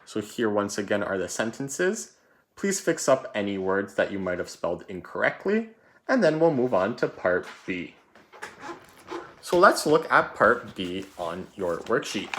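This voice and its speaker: A man's voice: on the low side, big pitch swings, a little slow, fairly bright tone, slight background noise. A man teaching a recorded spelling lesson for children, patient and repetitive, calling out words and letters.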